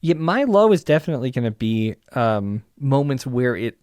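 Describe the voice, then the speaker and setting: A man hosting a horror film podcast, chatting casually with lively restarts and stammers. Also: mid-range voice, normal speed, clear, resonant tone, no room sound, clean studio sound. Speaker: podcast host. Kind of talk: casual chat.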